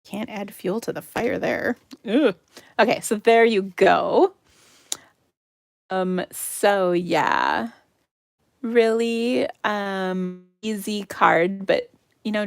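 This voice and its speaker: American woman, craft-stream host; chatty and giggly, slips into murmurs while she works; slight fry. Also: mid-range voice, lively intonation, slow pace, no echo, studio quality. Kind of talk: live card-making demo.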